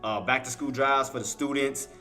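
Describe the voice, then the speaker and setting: Excitable bright-voiced man calling trades. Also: mid-range voice, normal speed, faint music behind. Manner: excitable, emphatic, repeats himself; turns tearful and heartfelt thanking viewers. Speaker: livestream day-trading host. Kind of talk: live market commentary to chat.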